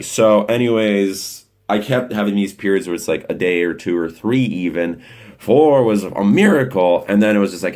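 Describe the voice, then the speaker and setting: Deep-voiced young man, rambling and blunt. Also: normal speed, darkish tone. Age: young adult. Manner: rambling, blunt, swears often. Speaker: vlogger. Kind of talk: casual profane monologue.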